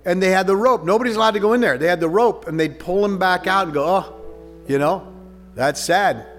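A man preaching a conversational communion sermon, telling the story with animated asides. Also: high voice, fast talker. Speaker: pastor. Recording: reverberant hall with faint music.

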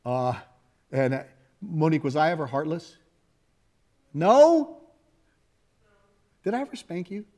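A middle-aged man, a pastor, delivers a sermon in a relaxed, chatty style and often jokes with the people in front of him. His voice sits a little higher than most men's. He tells family stories as if talking with friends. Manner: folksy, conversational preaching with laughter and asides to the congregation.

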